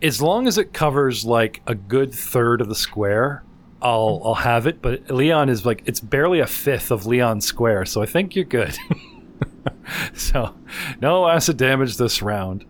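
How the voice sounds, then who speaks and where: A man running a tabletop game as game master over a video call, chatty and quick to laugh, narrating with playful sound effects. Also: medium pitch, expressive, a little hiss or hum. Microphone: video call mic.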